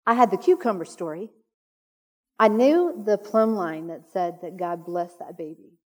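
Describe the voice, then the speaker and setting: A woman's voice: mid-range voice, darkish tone. A middle-aged woman speaking at a conference, telling a personal story in an earnest, emotional way. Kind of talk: personal testimony talk. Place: conference hall. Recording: echoey hall reverb.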